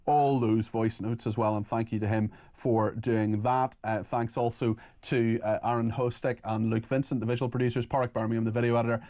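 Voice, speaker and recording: A man hosting a talk radio phone-in, chatting with callers and reading out listener messages in a brisk, chatty way. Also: medium pitch, little pitch movement, warm tone.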